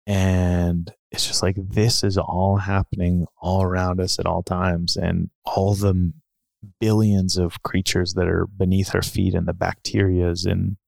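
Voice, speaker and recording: Low gravelly man musing casually. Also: level tone, unhurried, darkish tone, dry recording. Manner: casual, filler-heavy, musing. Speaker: podcast speaker. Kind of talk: reflective personal storytelling.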